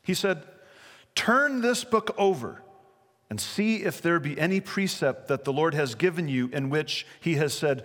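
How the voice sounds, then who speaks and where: A man's voice: fairly high pitch, normal speed, few pauses. A man preaching a sermon as pastor, reading scripture and speaking emphatically with rhetorical questions. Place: church sanctuary. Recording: long reverb of a large hall.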